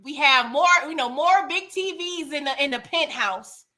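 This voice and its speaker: A woman hosting a casual live-stream TV recap, animated and laughing as she talks back to the characters. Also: high-pitched, normal speed. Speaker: TV recap host.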